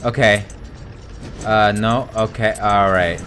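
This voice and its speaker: A man streaming a horror game live, talking to his chat, swearing a lot and yelping and shouting at every scare. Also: mid-range voice, animated, normal speed, long pauses, music in the background. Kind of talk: live gameplay commentary.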